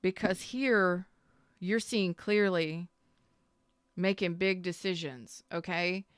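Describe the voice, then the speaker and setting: A woman's voice: fairly low pitch, slow pace, clear, resonant tone, no room sound, clean studio sound. A woman doing a casual tarot reading to camera, blunt and sassy, acting out what the listener might be thinking. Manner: blunt, sassy, emphatic, acts out the listener's inner voice. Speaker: tarot reader.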